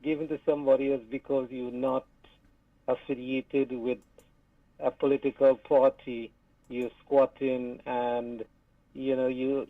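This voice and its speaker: A man calling in to a radio show, talking earnestly with many pauses and restarts. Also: medium pitch, no room sound. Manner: earnest, hesitant, stops and restarts while talking. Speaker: caller. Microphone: phone call. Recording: tinny distant phone line.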